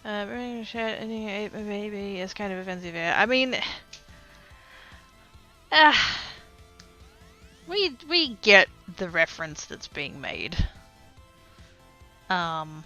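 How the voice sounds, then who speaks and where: A woman's voice: mid-range voice, lively intonation, slow pace, pauses often, faint music behind. Chatty Australian woman streaming while crafting. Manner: chatty, rambling, often trailing off into quiet asides. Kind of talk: casual livestream chat while crafting.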